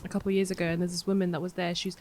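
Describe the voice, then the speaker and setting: A young woman, co-hosting a podcast in relaxed chat and telling a long story full of fillers and restarts. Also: lowish voice, racing. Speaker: podcast co-host. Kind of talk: casual chat.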